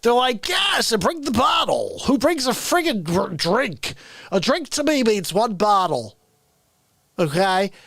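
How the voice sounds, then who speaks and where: A man voicing a rowdy, boozy male character in live improv comedy, shouting and breaking into giggles. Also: high-pitched, big pitch swings, a little slow, vocal fry, dry recording, full character voice. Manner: squealing shouts and giggling fits. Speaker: livestream comedy host.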